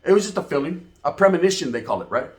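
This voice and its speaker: Brief: man, mid-high voice, comedic streetwise storyteller, profane and animated. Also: rapid-fire. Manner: profane, slang-heavy, animated.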